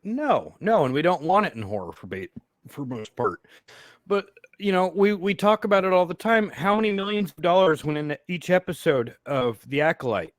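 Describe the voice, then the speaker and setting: Animated, excitable man on a podcast. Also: a little high, normal speed, dry recording, studio quality. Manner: excitable, swears, bursts into shouts. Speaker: podcast co-host. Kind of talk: casual movie review chat.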